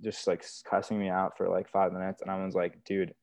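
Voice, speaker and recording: A man's voice: deep voice, monotone, fairly quick, darkish tone, dry recording. A young man telling stories from his work as a wilderness therapy guide in casual, earnest podcast talk, full of "like" and "you know". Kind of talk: casual conversational storytelling.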